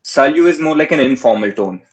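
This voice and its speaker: A man tutoring in a relaxed way, repeating words slowly and mixing in Hindi phrases. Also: medium pitch, low-quality recording. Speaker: French tutor. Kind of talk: casual teaching.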